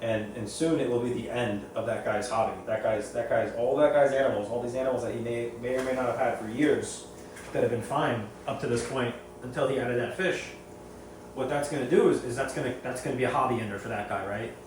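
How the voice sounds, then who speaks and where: A man talks casually about the reef aquarium hobby. He rambles and doubles back on his words. His voice sits at an ordinary pitch and is heard from across a very reverberant room with faint background hiss. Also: fairly quick, darkish tone. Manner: rambling, repeats and restarts phrases. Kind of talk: casual opinionated storytelling. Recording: very echoey room, far from mic, faint noise.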